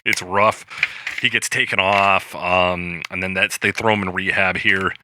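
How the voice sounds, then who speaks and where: A man co-hosting a podcast, casually recapping a film with animated retellings and lots of swearing. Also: low-pitched, measured pace, noisy background. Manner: animated retelling, acts out quoted lines, swears freely. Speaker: podcast co-host.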